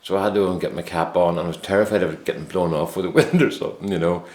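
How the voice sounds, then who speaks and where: A man's voice: sits low, fairly even intonation, very fast, a little mellow. A man, telling a rambling, self-mocking story to camera in a casual vlog. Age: 50s. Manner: easygoing, rambling, self-mocking anecdote teller. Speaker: vlogger. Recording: roomy echo.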